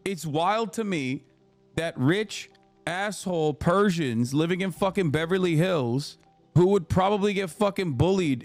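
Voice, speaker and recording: A male streamer ranting in a casual political livestream, heated, profane and emphatic, often speaking up in pitch to make a point.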